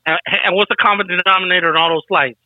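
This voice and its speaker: A man co-hosting a podcast in casual chat, teasing with quick banter. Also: high-pitched, steady tone, no echo, dull audio. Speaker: podcast co-host.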